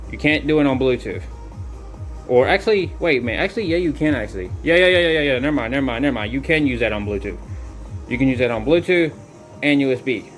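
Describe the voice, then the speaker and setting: A man giving a casual product review demo, talking loosely and correcting himself as he thinks aloud. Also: medium pitch.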